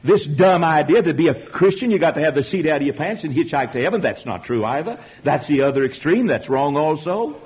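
Male preacher, high and very lively delivery, storyteller with asides, dull lo-fi recording. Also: fairly quick, few pauses, breathy edge. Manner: animated storytelling with rhetorical asides. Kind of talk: sermon.

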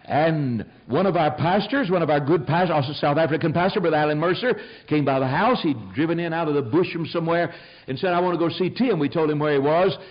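An older man preaching a sermon, telling stories in an animated, emphatic way. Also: fairly high pitch, quick pace. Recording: dull lo-fi sound.

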